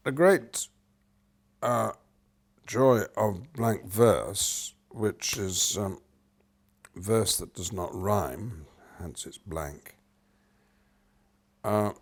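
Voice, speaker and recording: An older man from Britain, an actor in an interview, explaining with animated swings between loud and soft and humming rhythms as he goes. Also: lowish voice, very slow, pauses often.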